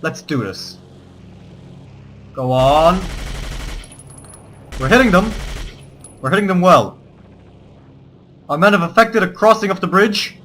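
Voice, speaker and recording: A man narrates his war game with a bright, somewhat high voice. He slips between mock-heroic battle speeches and casual cursing asides. Faint game sound plays underneath. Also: animated, takes it slowly, pauses often, slight background noise. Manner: theatrical in-character war speeches mixed with swearing asides. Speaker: let's play gamer. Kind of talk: gameplay commentary.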